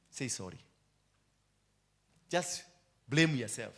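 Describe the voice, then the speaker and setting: Kenyan man preaching, switching loud and low. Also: expressive, takes it slowly, pauses often. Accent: Kenyan English. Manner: mixes Swahili into English, repeats phrases, swings from loud to low. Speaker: apostle preaching. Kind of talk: sermon.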